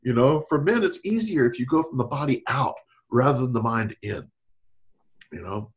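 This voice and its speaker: In a relaxed podcast discussion, this middle-aged man talks like a counselor, with a mid-range voice at a moderate pace. He stays lively, breaks into laughter frequently, and raises his voice when acting out quotes.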